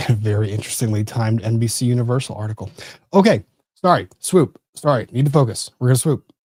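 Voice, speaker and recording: A man's voice: mid-range voice, fairly even intonation, quick pace, mellow, dry recording, studio quality. A man hosting a casual legal commentary livestream, rambling and easily sidetracked. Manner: rambling, easily distracted, self-interrupting. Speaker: livestream host.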